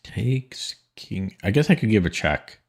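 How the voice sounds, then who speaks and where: Chill low-voiced guy streaming chess, slow and mumbly, lots of hmms and ums. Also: animated, gravelly, a little hiss or hum. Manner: muttering, hesitant, counting puzzles aloud. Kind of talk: thinking aloud while solving puzzles.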